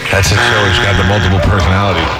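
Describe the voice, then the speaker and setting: A man's voice: low voice, flat delivery, rapid-fire, loud music behind the voice. A man hosting a radio show, joking and teasing his co-hosts in casual banter.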